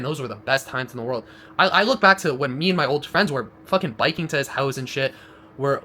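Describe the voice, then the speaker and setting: A man's voice: on the high side, pushed and bright, a little hiss or hum. A man delivering a blunt, profane motivational monologue, rambling and restarting as he goes. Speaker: vlogger.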